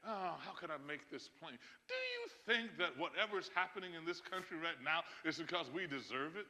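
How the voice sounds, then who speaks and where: A man's voice: a little high, very animated, normal speed, bright, forceful tone. A man pastor preaching a sermon to his congregation, emphatic, with chuckles and asides to the listeners. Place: church sanctuary. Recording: long church hall reverb.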